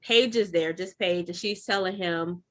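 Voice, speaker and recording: A woman co-hosting a casual recap chat, retelling scenes in a chatty, expressive way. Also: lowish voice, normal speed. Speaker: podcast co-host.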